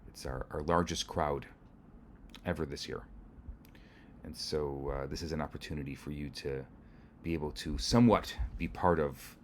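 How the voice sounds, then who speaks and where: A man giving a gentle, earnest holiday sermon as rabbi. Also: very deep voice, slight background noise.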